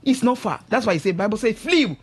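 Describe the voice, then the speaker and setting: A woman's voice: mid-range voice, fast, husky. A middle-aged Nigerian woman giving emphatic, sermon-like marriage advice on a radio show, often asking listeners if they understand. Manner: emphatic, exhorting, keeps asking "do you understand?". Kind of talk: preachy radio advice talk. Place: radio studio.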